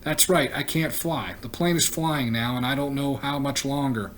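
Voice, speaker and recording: A man voicing a panicked teenage boy stranded alone in a plane, shouting desperate pleas. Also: medium pitch, normal speed, slight background noise, pitched above the performer's own voice, lightly acted. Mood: urgent.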